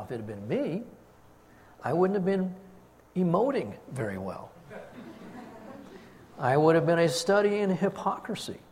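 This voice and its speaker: An older man, a grandfather, preaching a sermon and telling a family story with lively, acted-out quotes. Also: on the high side, in a large hall, slight background noise. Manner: storytelling, animated, acts out quotes. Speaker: pastor.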